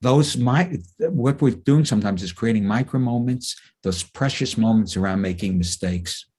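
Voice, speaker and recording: A man's voice: medium pitch, moderate pace, husky. A man, a clinical psychologist, giving a webinar talk full of anecdotes and acting out quotes. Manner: animated storyteller who acts out quotes. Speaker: clinical psychologist, guest speaker.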